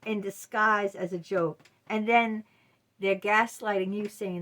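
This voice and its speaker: A woman's voice: medium pitch, fairly even intonation, unhurried, fairly bright tone. A middle-aged woman talking straight to her viewers in a casual advice monologue, blunt and emphatic. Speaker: vlogger.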